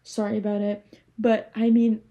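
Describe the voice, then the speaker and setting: A young woman from Canada rambling casually to camera, animated and swearing freely. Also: mid-range voice, moderate pace, highs cut off. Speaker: vlogger.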